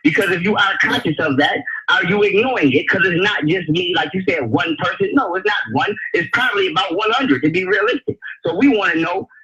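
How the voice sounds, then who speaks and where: A man's voice: high voice, animated, fairly quick, hardly any pauses, lo-fi sound, over a noisy crowd. A man calling into a show, arguing hard, repeating his question, cursing at the other side. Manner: confrontational, repeats questions, curses. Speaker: caller. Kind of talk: heated call-in argument. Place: phone call into a live online radio show.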